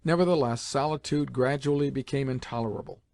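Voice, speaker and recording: A man with a mid-range voice works as an audiobook narrator, reading a classic novel as scripted narration. His storytelling is measured and even.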